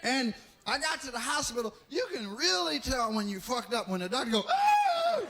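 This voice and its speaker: A man's voice: very high voice, lively intonation, brisk, gravelly, pushed and bright. A man performing live stand-up comedy, telling a profane story and jumping into acted voices.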